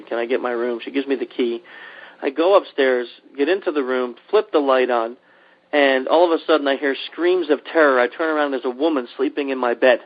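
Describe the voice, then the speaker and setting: A man hosting a podcast, telling a long travel mishap story in a casual, animated way and acting out the people in it. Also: mid-range voice. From Pennsylvania. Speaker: podcast host. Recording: dull lo-fi podcast audio.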